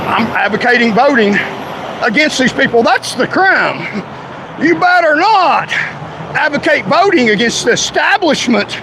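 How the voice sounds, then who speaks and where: High-voiced angry man ranting. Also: sharp tone, slight background noise, rough recording. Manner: heated, indignant, confrontational. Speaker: vlogger ranting to followers. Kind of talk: angry direct-to-camera rant.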